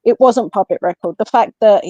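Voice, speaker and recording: A woman with an English accent, a guest on a podcast, telling a personal story in a casual, animated way and acting out what others said. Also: medium pitch, brisk, no echo. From England. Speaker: guest, medium and paranormal investigator. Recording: slightly muffled, dry lo-fi audio.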